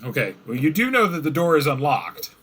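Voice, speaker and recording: A man's voice: a little high, big pitch swings, a little fast, a bit bright. A man running a tabletop game as game master, acting out the players' reactions with laughs.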